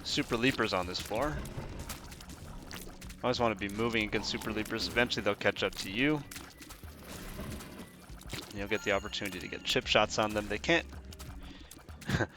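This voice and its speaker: A man's voice: on the low side, normal speed, pauses often, background noise. A man in his thirties giving casual, rambling gameplay commentary, joking and laughing often. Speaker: gaming YouTuber.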